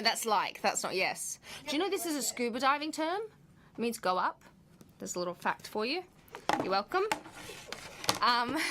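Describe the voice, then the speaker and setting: An actress chats casually on a livestream in a mid-range, sharp-toned voice, with a faint hiss or hum in the audio. She reads viewer questions aloud and answers them playfully, laughing as she goes, in a live Q&A format.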